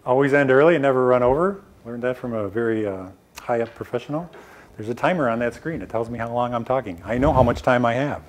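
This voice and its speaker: In a small room, a middle-aged man delivers a live lecture to a small audience about presenting science, talking fast at medium pitch. He comes across direct and emphatic and drops in casual asides.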